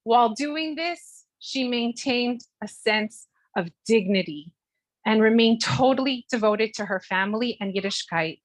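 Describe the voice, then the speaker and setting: A middle-aged woman, a mother, reading a heartfelt speech at her daughter's bat mitzvah, measured and sprinkled with Hebrew terms. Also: on the high side, expressive, dry recording, rough recording. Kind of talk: read-aloud family speech. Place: Toronto.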